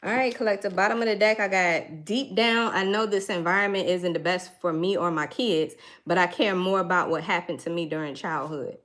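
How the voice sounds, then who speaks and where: A woman's voice: on the low side, a little fast, few pauses, fairly bright tone. A woman giving a casual tarot reading, thinking aloud in a chatty way and laughing now and then. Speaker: tarot reader.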